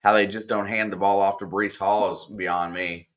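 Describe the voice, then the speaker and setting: Very deep-voiced man talking football. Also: flat delivery, moderate pace, fairly bright tone. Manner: easygoing, jokey analysis. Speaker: co-host of live game reaction stream. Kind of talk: casual game analysis chat.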